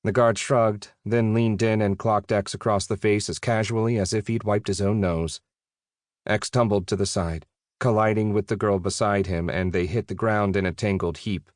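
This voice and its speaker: Low-voiced male audiobook narrator. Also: steady tone, normal speed, no echo, studio quality. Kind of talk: scripted narration.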